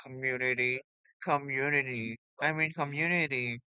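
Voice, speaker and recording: Male gamer, excitable commentary, unhurried, clear voice, dry close sound. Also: medium pitch, no echo. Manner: excitable, repeats exclamations, bursts of loud shouting. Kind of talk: casual gameplay commentary.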